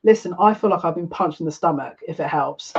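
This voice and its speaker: A husky, mid-range voice from the United Kingdom, speaking a little fast, leads a collective tarot reading. The reader is emotional and overwhelmed, often short of breath and restarting lines, captured in slightly muffled lo-fi audio.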